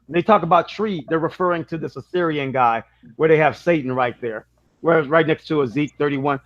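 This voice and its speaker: High-voiced eager man on a lo-fi call. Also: brisk, a bit bright. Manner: eager, keeps urging others to check things out. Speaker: host sharing a video. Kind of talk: casual online panel chat. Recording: lo-fi online call audio.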